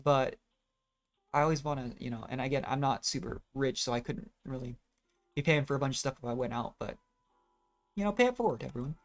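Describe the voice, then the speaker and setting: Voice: medium pitch, a little fast, pauses often, soft background music. A gamer giving casual, rambling commentary while playing, often trailing off and restarting thoughts. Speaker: let's play gamer.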